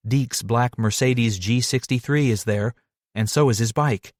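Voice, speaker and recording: A man narrating a romance audiobook in the first person, measured and steady. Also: medium pitch, no echo, clean studio sound.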